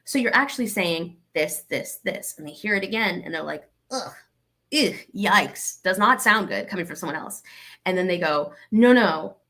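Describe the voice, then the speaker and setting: Young woman guest from Arkansas, slightly low voice, animated storyteller who voices both sides of exchanges. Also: fairly quick. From Arkansas, USA. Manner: animated, acts out both sides of quoted dialogue. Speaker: guest, comedian. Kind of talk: conversational interview.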